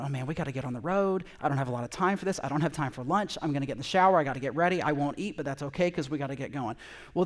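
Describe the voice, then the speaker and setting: A middle-aged man preaching with a slightly high voice. He is a pastor from California who opens with a personal story, talking in a lively, conversational way. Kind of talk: storytelling sermon.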